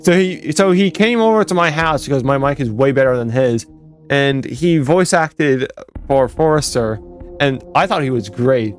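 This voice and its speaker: A young man walks through his unfinished fan game in loose, rambling commentary. He corrects himself mid-sentence and laughs at his own jokes. His pitch is ordinary, and faint music plays underneath. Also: moderate pace. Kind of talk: casual commentary over gameplay footage.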